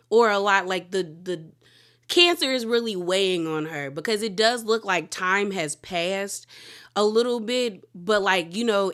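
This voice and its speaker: A woman's voice: medium pitch, fairly bright tone. Chatty woman recapping a TV episode. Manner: chatty, lots of "like", sassy asides and laughs. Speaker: TV recap host.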